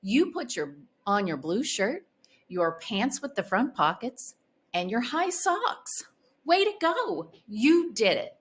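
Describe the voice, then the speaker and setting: An encouraging grown-up caregiver in a storybook, read by a woman, offering choices and praise. Her voice rises brightly with lively swings, unhurried. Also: on the high side, slightly rough, exaggerated voice.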